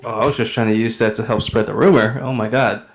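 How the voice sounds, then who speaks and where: A man's voice: on the low side, fairly even intonation, fast. A man playing a tabletop game who talks in a wry, joking way. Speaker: player. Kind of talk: casual tabletop game play.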